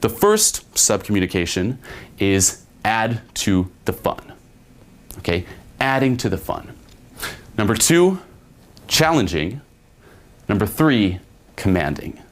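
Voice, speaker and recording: A man's voice: fairly low pitch, animated, takes it slowly, long pauses. A young man teaching a dating lesson in a casual way, often checking in with "okay?" and swearing now and then. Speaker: dating coach. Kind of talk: spoken lesson with acted examples.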